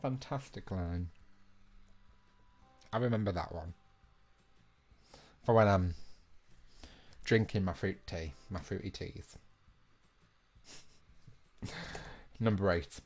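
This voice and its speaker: A young man hosting a live online quiz on his own from a small room. He reads the questions in a chatty, relaxed way, keeps the banter going, and jokes about his own efforts. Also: deep voice, takes it slowly, pauses often, soft background music. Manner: chatty and self-mocking, laughs at his own attempts at impressions. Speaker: quiz host.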